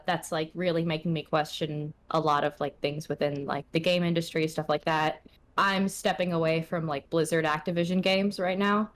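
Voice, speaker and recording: A young adult woman chatting casually as an interview guest, full of filler words and self-deprecating asides. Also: lowish voice. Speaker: guest, streamer.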